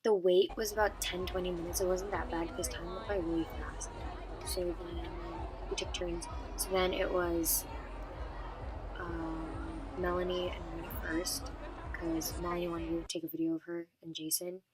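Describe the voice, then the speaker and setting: A woman's voice: lowish voice, little pitch movement, normal speed, a crowd in the background, noisy background. A young woman vlogger from California telling a long story in a rambling, casual way, full of "and then" and fillers.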